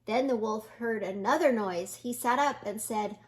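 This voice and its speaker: An older woman reading a children's picture book aloud in a gentle, slow manner, pointing out the pictures. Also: on the high side.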